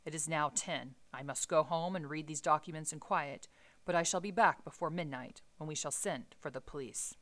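A woman's voice: deep voice, moderate pace, fairly bright tone. A woman reading as a solemn cautious lawyer. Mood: grave, urgent. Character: solemn middle-aged male lawyer, cautious.

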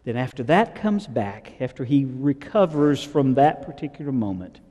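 A man's voice: mid-range voice, lively intonation, moderate pace, dark tone, long reverb tail. A man preaching a sermon, retelling scripture in a conversational way and asking the congregation questions. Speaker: pastor. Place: church sanctuary.

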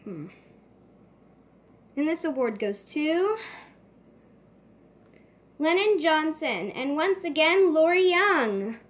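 A woman's voice: high-pitched, very animated, slow, long pauses. A woman hosting a homemade toy pet award show, announcing each category in a casual, hesitant way. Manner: casual, hesitant, clears throat.

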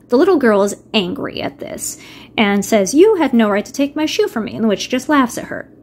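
A woman casually retelling a book, reading passages aloud and adding wry asides. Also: fairly high pitch. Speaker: video reviewer. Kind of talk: casual book-summary narration.

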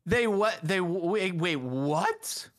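A young man chatting casually while playing a game with friends, easily startled into rapid alarmed exclamations. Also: sits high, animated, dry recording, clean studio sound. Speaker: gamer. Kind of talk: casual gaming chat.

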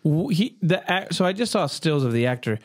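A man's voice: fairly high pitch, lively intonation, fairly quick. A man co-hosting a podcast, joking and laughing often in casual conversation. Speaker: podcast co-host. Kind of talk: casual chat.

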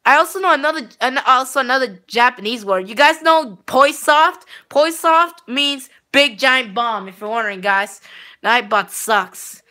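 A woman's voice: high voice, a little slow, bright, forceful tone. A woman streaming live gameplay who rambles to her viewers, repeating herself and restarting her sentences with many fillers. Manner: rambling, repeats words, talks straight to viewers.

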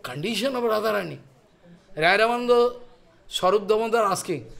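A man's voice: high-pitched, expressive, brisk, vocal fry, pauses often, fairly bright tone. A man giving a devotional sermon as a spiritual teacher, speaking in simple, repetitive non-native phrasing with frequent restarts.

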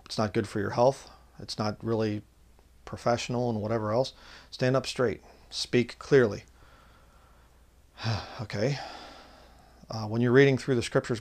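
A man with a gravelly voice gives an informal Bible teaching online. He reads scripture out slowly and with force, then drops into loose, conversational talk full of fillers. His pitch sits in the middle range. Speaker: online preacher.

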